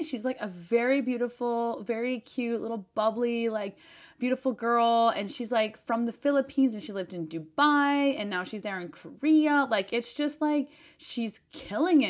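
A woman hosting a monologue podcast who talks in a chatty, animated way, with lots of fillers, restarts and emphatic swearing. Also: on the high side, normal speed. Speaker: podcast host and business advisor.

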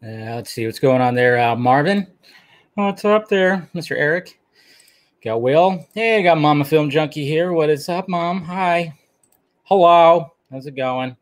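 A man with a slightly higher voice hosts a live stream in an easygoing, chatty way. He greets his viewers one by one and drops the occasional curse word. His talk stays loose and unscripted. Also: a little slow. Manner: swears casually. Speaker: livestream host.

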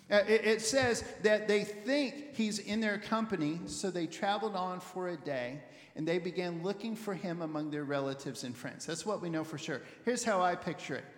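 A male pastor preaches in a loose, animated storytelling way, often restarting and repeating words as he thinks aloud. His voice sits fairly high. The recording is roomy, with a long reverb tail from a church hall. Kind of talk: conversational sermon.

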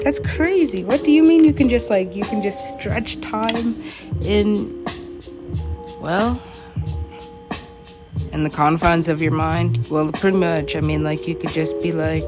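A young woman rambles and freestyles over a beat that plays loudly behind her. She giggles a lot and talks to herself and to the track between rhymes. Her delivery is slow and unhurried, with a pitch in the middle range.

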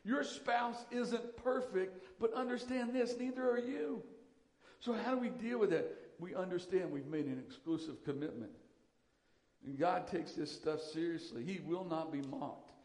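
A man delivers a sermon in a fairly high voice, pressing his points and repeating key lines for emphasis. His voice rings through a hall with a long reverb tail. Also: a little slow, a little mellow. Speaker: pastor.

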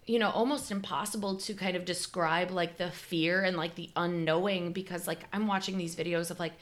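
A woman's voice: lowish voice, steady tone, a little fast. A young woman co-hosting a casual podcast. She tells stories in a loose, chatty way, fills her speech with "like" and often breaks into laughs. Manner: chatty storyteller, heavy use of "like", laughs often. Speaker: podcast co-host. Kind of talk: casual chat.

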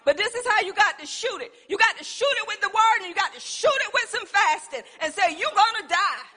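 A woman's voice: extremely high pitch, expressive, fairly quick, pushed and bright. A woman, preaching a sermon with emphatic call-and-response. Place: church sanctuary. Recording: long reverb in a church hall.

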